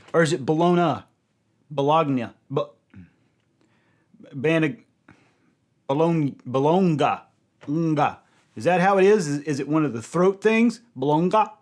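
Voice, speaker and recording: Animated man reacting with loud exclamations. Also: on the high side. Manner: exclamatory, loud cries of dismay; addresses audience as ladies and gentlemen. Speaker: video reaction host. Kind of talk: reacting to a music video.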